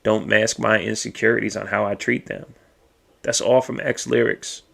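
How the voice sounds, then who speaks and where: A man's voice: lowish voice, fairly even intonation, moderate pace, creaky, a bit bright, husky. A man hosting a podcast, speaking alone in a raw, emotional and profane way as he thinks aloud. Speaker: podcast host. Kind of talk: personal monologue.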